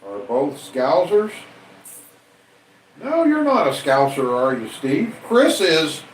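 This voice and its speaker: A man's voice: a little high, big pitch swings. A man hosting a late-night livestream, casually chatting and teasing viewers as he reads their comments. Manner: slow, rambling, teasing. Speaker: livestream host. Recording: roomy sound from some distance off the mic, faint background hum.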